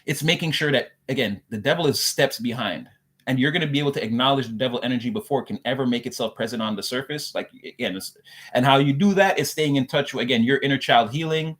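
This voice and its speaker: A man's voice: medium pitch, fast talker, fairly bright tone. A man delivering a loose, rambling spiritual message to his viewers, repeating "again" and circling back on his points. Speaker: spiritual reader.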